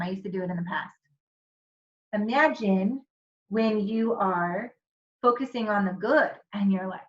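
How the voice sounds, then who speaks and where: Upbeat woman coach, fairly high voice, encouraging, slide talk, dull lo-fi sound. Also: a bit bright. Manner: upbeat, encouraging, talks straight to the viewer. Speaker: wellness coach. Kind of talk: motivational presentation with slides. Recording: dull lo-fi audio.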